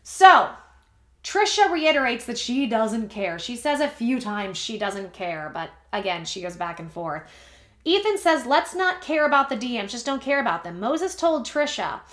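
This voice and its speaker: A woman's voice: fairly high pitch, very animated, normal speed, fairly bright tone. A woman hosting a commentary video, recapping online drama in a chatty way with wry asides. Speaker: commentary channel host. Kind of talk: gossip commentary, reading and reacting. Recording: echoey room.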